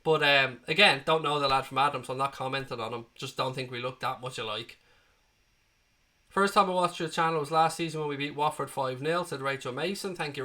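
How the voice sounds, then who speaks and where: Young man, bright forceful voice, fairly high, reading live chat, blunt and sweary. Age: 20s. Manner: blunt, sweary, banter with viewers. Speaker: football watchalong host.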